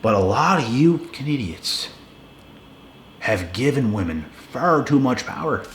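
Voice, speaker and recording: A man's voice: medium pitch, sing-song, measured pace, slight background noise. A young man in a blunt, casual rant to the camera, profane and emphatic, often repeating himself. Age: young adult. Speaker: video creator. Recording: echoey room with faint ambience.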